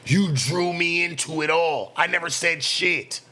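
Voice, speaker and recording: A man's voice: a little high, pushed and bright. A man from the US West Coast, a streamer giving a heated, profane reaction commentary. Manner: profane, heated, rapid-fire ranting.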